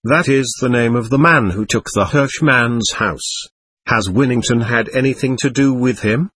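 A man's voice: mid-range voice, normal speed, a bit bright, husky, dry recording. A man reading as a stern, commanding occult doctor. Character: authoritative male occult physician, brisk and stern. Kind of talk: audiobook character reading.

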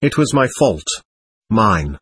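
A man's voice: on the low side, big pitch swings, slow, a bit bright, breathy edge, full character voice. A man voicing a passionate young woman blaming herself, crying out in a heart-rending way.

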